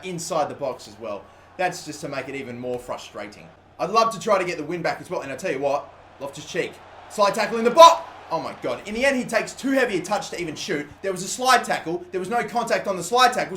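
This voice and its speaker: A man in his twenties commentating his own gameplay, excitable and swearing, swinging between shouts and mutters. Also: high voice. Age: 20s. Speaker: gaming YouTuber. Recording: echoey room with faint background noise.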